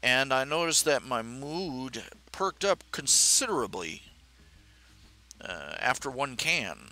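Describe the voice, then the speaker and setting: A middle-aged man hosting a live stream, talking casually and haltingly with many fillers and restarts. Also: medium pitch, very animated, sharp tone.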